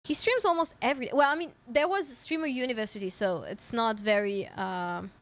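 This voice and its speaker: A woman's voice: a little high, a little fast, a bit bright. A woman streamer from France speaking English with a light French accent, chatting casually and often restarting her sentences. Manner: chatty, self-interrupting, swears casually. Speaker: VTuber streamer. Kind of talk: casual reaction stream chat.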